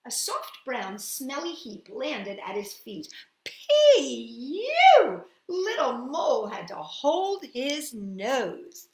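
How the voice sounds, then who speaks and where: Lively woman reading a storybook aloud. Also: fairly high pitch, slow pace, few pauses, a little hiss or hum. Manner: expressive storybook reading with sound effects. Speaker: children's storyteller. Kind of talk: reading a picture book aloud. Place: at home. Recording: echoey room.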